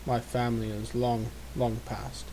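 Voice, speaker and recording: A man doing a gentle old man who speaks slowly in an old-fashioned, courteous way, with a mellow, warm tone. His questions come at an unhurried pace. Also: mid-range voice, level tone, slight background noise, natural voice, poor audio. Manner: slow, courteous, formal old-fashioned speech.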